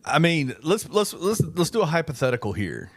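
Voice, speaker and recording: A man's voice: a little high, big pitch swings, moderate pace, fairly bright tone, dry recording, clean studio sound. A man co-hosting a casual sports chat, teasing with playful mock seriousness. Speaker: co-host.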